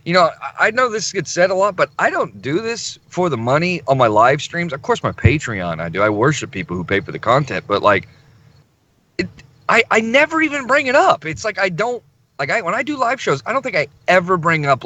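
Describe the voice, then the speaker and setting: A man co-hosting a podcast in casual chat, animated and emphatic, swearing freely. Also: fairly high pitch, a little fast, no room sound. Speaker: podcast co-host.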